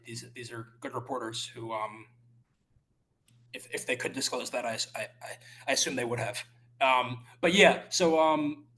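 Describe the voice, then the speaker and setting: Halting man answering questions. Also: mid-range voice, fairly bright tone. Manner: halting, many restarts and fillers. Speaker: journalist guest. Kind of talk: podcast interview answers. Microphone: remote call.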